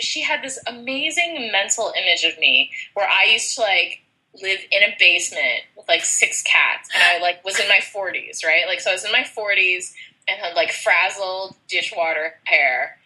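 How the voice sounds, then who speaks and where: A woman's voice: mid-range voice, expressive, a little slow, pushed and bright, low-quality recording. A woman from the United States chatting casually with a friend, telling a funny story, laughing often and saying "like" a lot. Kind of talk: casual chat between friends.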